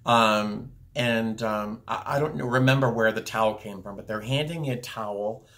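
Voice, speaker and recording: Talking to his camera, a young vlogger tells a personal story in a casual, rambling way, packed with fillers and restarts. His lowish voice is creaky and a bit bright, at a moderate pace, picked up by the camera's microphone.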